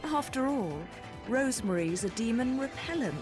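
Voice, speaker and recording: A woman's voice: on the high side, animated, moderate pace, lightly acted. Bayonetta: a woman voicing a sly, teasing witch. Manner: mocking, sly, playful. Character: confident, teasing adult witch heroine. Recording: long hall reverb. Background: game music.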